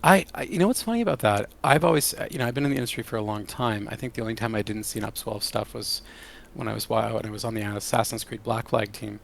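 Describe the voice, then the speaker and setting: Gravelly low-voiced man, enthusiastic. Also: fast talker. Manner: enthusiastic and animated. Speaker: game creative director. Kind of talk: casual interview answers.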